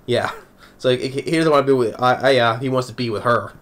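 A man's voice: mid-range voice, steady tone, fast, a bit bright. A man recapping an anime episode in a casual, rambling way, chuckling often between thoughts. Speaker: anime reviewer.

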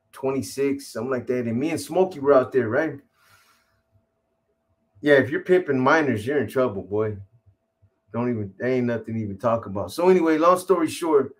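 A man tells a long story in loose, profane street slang. His talk rambles, with frequent restarts and fillers, and he sits at a middle pitch for a man. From California. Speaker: guest telling a story. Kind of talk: casual storytelling.

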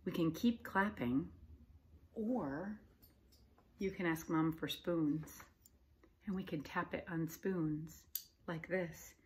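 Slow, patient woman teaching children. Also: sits low, a little mellow. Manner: slow, patient and encouraging, claps and taps out syllables. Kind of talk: recorded classroom lesson for young children.

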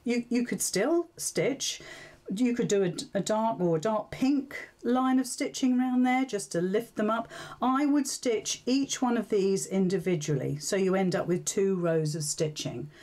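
A woman with a warm, mellow tone leads a live sewing tutorial in a relaxed, chatty way. She thinks aloud as she works and keeps turning to her viewers with questions. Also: mid-range voice, a little slow. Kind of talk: casual live tutorial chat.

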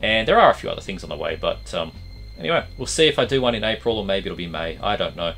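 A man hosting a casual collection update vlog, his voice going hoarse, rambling with lots of fillers. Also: sits low, fast talker, soft background music. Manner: rambling, animated, trailing fillers.

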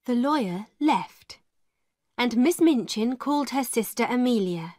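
A woman narrating a classic story for English learners in a slow, clear, expressive reading. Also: on the high side, no echo, clean studio sound.

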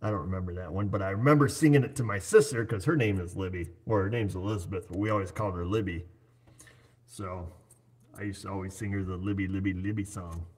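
Livestream host, man in his 40s, lowish husky voice, chatty and jokey. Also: fast. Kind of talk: casual livestream chat. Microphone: computer set up on his screen.

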